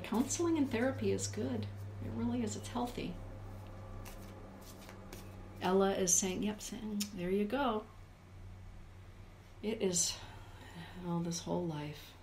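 A woman's voice: mid-range voice, roomy sound, slight background noise. A woman hosting a live stream, reading oracle cards and reflecting aloud as she addresses her chat viewers by name. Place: indoor room with a forest view.

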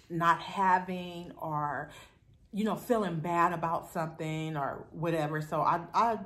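A woman's voice: low voice, a bit bright. A middle-aged woman chatting affectionately and playfully to camera as a vlogger. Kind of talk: casual chat to camera.

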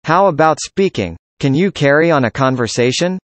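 Scripted practice dialogue, speaker, mid pitch, even question-and-answer reading, dry recording. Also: normal speed, no room sound. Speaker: dialogue reader.

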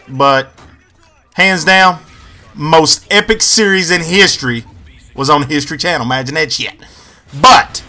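A young man giving crude, excitable gameplay commentary, swinging between yelling and muttering. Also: fairly high pitch.

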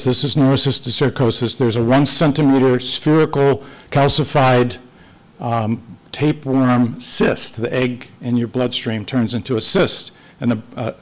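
Over a rough recording comes the medium-pitched voice of an older man, a retired missionary priest teaching Sunday school. He tells his church class stories in a rambling, anecdotal way, acting out the lines of dialogue in quoted voices.

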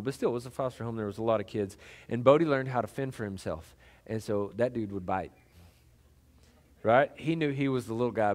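Middle aged pastor guy preaching, chatty and folksy, lots of uhs, regular pitch. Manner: conversational, folksy, many fillers and restarts. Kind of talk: sermon.

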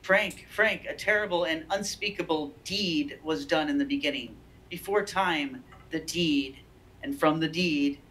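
A woman's voice: deep voice, a little slow, a bit bright, rough recording. A woman reading aloud the lines of a frantic, haunted man who is terrified of unseen horrors, voiced close to her own natural voice.

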